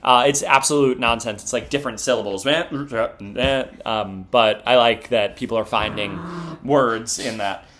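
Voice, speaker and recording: A man's voice: medium pitch, measured pace, a bit bright, slight background noise. A young man in a band, casually and reflectively answering fan questions with a dry sense of humor. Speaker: band member and producer. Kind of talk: casual interview chat.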